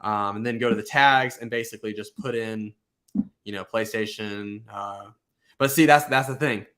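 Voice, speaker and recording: A man's voice: lowish voice, normal speed. A man hosting a casual chat, giving rambling advice full of fillers and restarts. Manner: rambling, filler-heavy, animated. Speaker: YouTube host giving channel advice.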